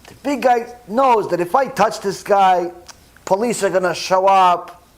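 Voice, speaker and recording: A rabbi giving a sermon, telling stories with emphatic repetition and animated delivery. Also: male voice, sits high, a little slow. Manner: repeats phrases for emphasis.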